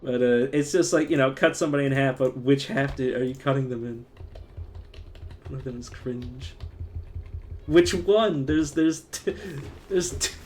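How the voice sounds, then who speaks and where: A man's voice: medium pitch, a little mellow. Giggly man chatting on a live stream. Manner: giggly, laughs often, halting restarts. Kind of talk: casual live-stream chat.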